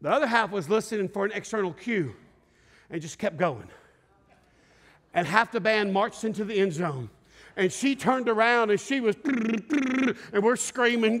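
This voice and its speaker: Animated high-voiced pastor in a reverberant hall. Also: male voice, unhurried. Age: middle-aged. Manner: animated storyteller, acts out scenes with shouts and laughter. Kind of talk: sermon with storytelling. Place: large church sanctuary.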